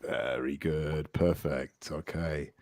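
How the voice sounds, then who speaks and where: A man hosting an English teaching podcast, encouraging his student, praising often and drilling words slowly. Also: rumbling low, steady tone, darkish tone, no room sound.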